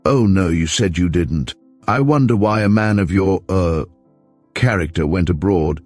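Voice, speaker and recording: A man voicing a smooth male crook posing as a Canadian army major, polite and faintly mocking. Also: low voice, a little slow, a little mellow, faint music behind. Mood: sly.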